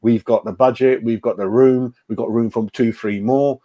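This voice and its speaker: A man's voice: mid-range voice, fairly even intonation, normal speed, mellow. A middle-aged man hosting a football fan livestream in casual chat, greeting viewers by name and often repeating his words. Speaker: fan channel host.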